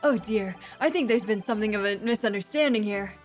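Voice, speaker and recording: A woman's voice: medium pitch, a little fast, soft background music, lightly acted. A woman voicing an earnest, flustered young male lawyer who asks hesitant, polite questions. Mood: bewildered.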